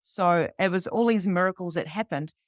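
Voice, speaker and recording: A New woman in her thirties telling a personal story to a live group, animated and casual, swearing freely. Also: fairly low pitch, moderate pace, no echo, studio quality. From New Zealand. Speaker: psychic medium teaching beginners.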